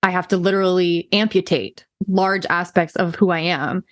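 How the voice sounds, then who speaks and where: A woman's voice: fairly low pitch, moderate pace, dry recording, clean studio sound. A woman co-hosting a podcast, chatting casually about a parenting book and acting out quoted lines as she retells stories. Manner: animated, quotes others in little voices. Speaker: podcast co-host. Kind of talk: casual book club discussion.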